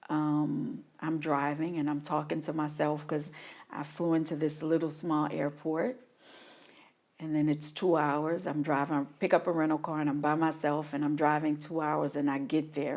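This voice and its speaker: A middle-aged woman from New Orleans speaks in a deep voice with a gravelly edge. She tells her story in an interview, and she acts out the things she once said and felt. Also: normal speed. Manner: animated retelling, acts out her own past reactions. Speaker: guest, mother of an incarcerated son.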